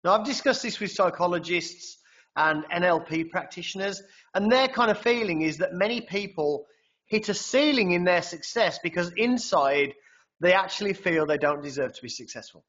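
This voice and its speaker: A man's voice: high-pitched, expressive, moderate pace, fairly bright tone, lo-fi sound. A man presenting a trading webinar in a conversational way, often tagging sentences with "right?". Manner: conversational, frequent tag "right?".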